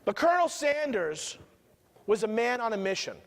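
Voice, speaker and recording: A man with a New York accent and a notably high voice delivers a keynote with lively storytelling energy, often turning to the crowd with questions. His voice rings out with a long reverb tail from a big conference hall. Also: normal speed. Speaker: motivational keynote speaker. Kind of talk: keynote speech.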